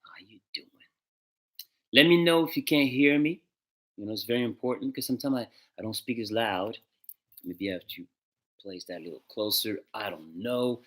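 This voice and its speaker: A man hosting a casual music livestream, greeting viewers by name in a relaxed, chatty way and slipping into French and Spanish greetings. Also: lowish voice, normal speed. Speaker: musician hosting a live stream.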